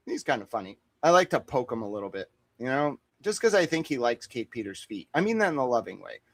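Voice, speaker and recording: A man talking in a casual livestream, his pitch sitting mid-range and his voice dry and close to the mic. He rambles through boastful, profane jokes, piling one riff on the next. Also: big pitch swings, fast, dry recording. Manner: boastful, profane, joking riffs. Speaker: guest on a boxing talk stream.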